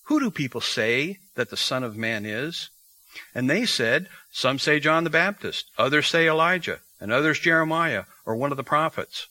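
Male preacher, bright clear tone, explains scripture line by line, dry close recording. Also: mid-range voice, no room sound, low-quality recording. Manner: teaching verse by verse, reading scripture aloud. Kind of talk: expository sermon.

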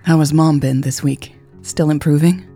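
A distracted, absent-minded young woman in sales, voiced by a woman reading a story. Her voice is low and mellow, and her lines sound casual and offhand. Faint guitar plays behind her. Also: steady tone, moderate pace, husky.

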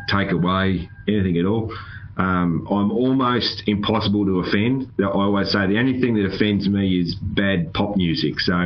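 A man's voice: deep voice, dull audio. An Australian man hosting a podcast, talking in a laid-back, rambling way and laughing often. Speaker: podcast host. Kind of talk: casual chat.

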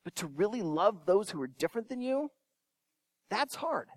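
A male pastor with a very high, animated voice that leaps up for emphasis and drops low for quiet points. He asks his young listeners questions directly as he preaches. The sound is close and dry. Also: normal speed, no echo. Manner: expressive, swinging between emphatic and soft. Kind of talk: sermon.

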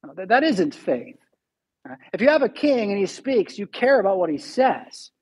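A male pastor delivers a sermon in a relaxed, talky way. His voice carries a slight husky grain, and he slows down to stress each scripture line. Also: sits high. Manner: conversational preaching, reads scripture slowly and emphatically.

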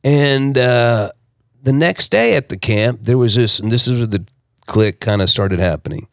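A man from South Texas, telling his personal story as a podcast guest in an emphatic, animated way. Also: medium pitch, moderate pace, creaky, no echo, clean studio sound.

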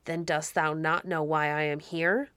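A woman's voice: little pitch movement, unhurried, fairly bright tone, dry recording. A woman reading a grim, harsh old-world baron. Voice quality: deep, harsh. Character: stern harsh middle-aged male baron. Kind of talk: storybook reading.

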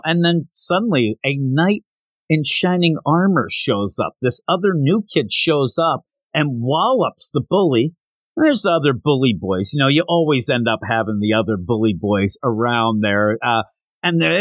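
A man hosting a podcast, casually recapping a comic issue and jumping into quick, animated voices for the characters' lines. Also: medium pitch, dry recording. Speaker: podcast host.

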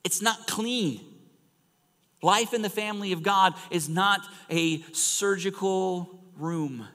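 A man preaching a sermon in a church, animated and storytelling, swinging from loud emphasis to hushed near-whispers. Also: high-pitched, slow. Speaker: pastor. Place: church sanctuary. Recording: long reverb of a large church hall.

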